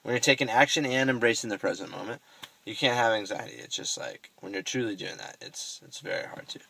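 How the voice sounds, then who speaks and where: Young guy rambling thru a story on his vlog, kinda low gravelly voice, swears a lot. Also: brisk, pushed and bright, poor audio. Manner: rambling, self-correcting, swears casually. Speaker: vlogger. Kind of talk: casual storytelling monologue.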